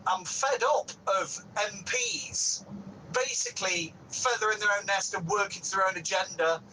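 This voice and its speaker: A man from Nottingham rants down the phone to a radio show, listing complaints in a high, bright, sharp voice. Faint traffic noise runs behind him. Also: low-quality recording. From Nottingham, England. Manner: exasperated, listing complaints, stumbles over words. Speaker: caller. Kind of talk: phone-in rant.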